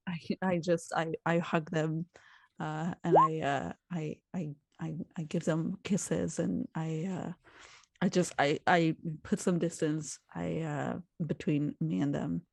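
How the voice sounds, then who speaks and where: A woman's voice: low voice, level tone, slow pace, vocal fry, a little mellow, no echo, clean studio sound. A woman playing a tabletop role-playing game, speaking hesitantly with many restarts. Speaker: player.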